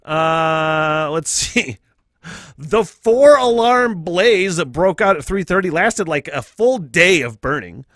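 A man's voice: fairly high pitch, animated, slow, a bit bright, no room sound, clean studio sound. A man hosting a podcast in a casual comedic monologue, profane and rambling, laughing at his own jokes. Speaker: podcast host.

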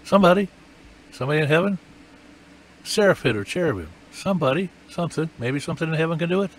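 A man's voice: a little high, lively intonation, fast talker, a little hiss or hum. A man preaching a sermon, emphatic and repetitive, his voice rising and falling with feeling.

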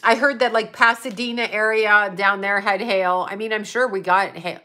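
A woman's voice: mid-range voice, steady tone, normal speed, pushed and bright. A woman hosting a casual livestream, rambling and swearing as she answers chat comments. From Buffalo area, US. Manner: rambling, profane, reads chat comments aloud. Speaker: livestream host.

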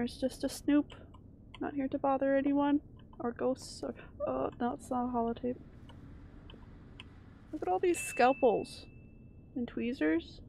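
A woman's voice: sits high, gravelly, dark tone, a little hiss or hum. A woman streamer chatting casually while she plays a game, jumpy and chatty, swearing when startled. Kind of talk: casual live-stream gameplay chat.

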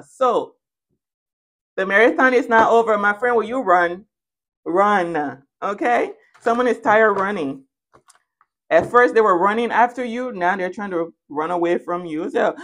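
A woman giving a tarot reading, animated and playful and speaking straight to the viewer, sometimes dropping into soft asides. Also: mid-range voice, normal speed. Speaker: tarot reader. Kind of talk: spoken tarot reading to camera.

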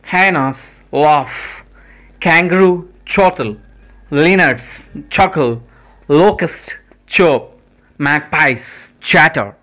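A man hosting his own channel, reading a list of animals and their sounds one by one, slowly and deliberately. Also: on the high side, fairly bright tone, rough recording. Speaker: channel host. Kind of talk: educational word list reading.

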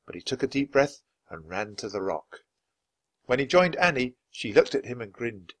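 A man reading a children's storybook aloud for English learners in a clear, steady, measured way. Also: mid-range voice. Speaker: storybook reader.

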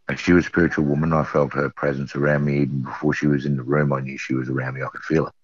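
Very deep-voiced Australian man telling a story. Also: little pitch movement, rapid-fire, no room sound. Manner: earnest storyteller who repeats phrases for emphasis. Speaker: eyewitness. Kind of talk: recounting a personal story. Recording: dull lo-fi audio.

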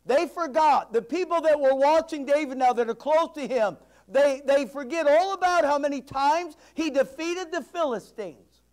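A man preaching a sermon in a strikingly high voice. He swings from ringing, emphatic declarations to hushed asides that pull the congregation in. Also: moderate pace, hardly any pauses. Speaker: pastor.

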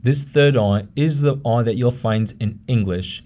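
A man narrating a pronunciation lesson in a measured way, saying example words slowly and often twice. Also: medium pitch, warm tone. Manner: measured, repeats each example word slowly. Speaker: language teacher.

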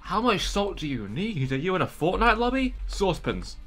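A man giving joking, excitable commentary while playing a game, often breaking into startled yelps. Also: sits high, normal speed, faint music behind. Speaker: gameplay streamer. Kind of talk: casual let's-play commentary.

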